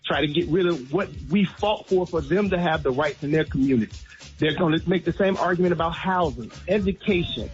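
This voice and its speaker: A man calls in as a radio guest and speaks earnestly and emphatically as he lays out his points. His voice sits a little high. The line sounds dull and lo-fi, with faint music underneath. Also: fairly quick. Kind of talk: casual radio commentary.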